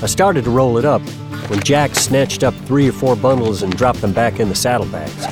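A man reading a first-person western story aloud, in a steady, even storytelling manner. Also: mid-range voice, normal speed. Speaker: audiobook narrator. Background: guitar music.

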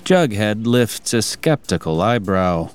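A man reading scripted narration for an audio drama in a steady, even way. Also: on the low side, slow, clean tone. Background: music.

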